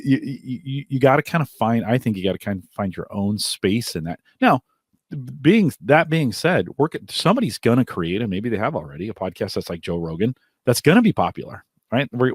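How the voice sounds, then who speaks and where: A man co-hosting a podcast in casual chat, earnest and quick to laugh. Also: mid-range voice, very animated, husky, dry recording, clean studio sound. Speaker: podcast co-host.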